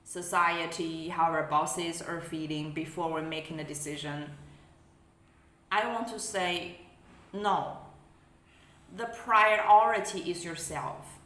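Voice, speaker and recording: Slow, earnest woman life coach. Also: low voice, pushed and bright, roomy sound. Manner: earnest, tags sentences with "right?"; repeats words, non-native phrasing. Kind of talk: energy update talk to camera.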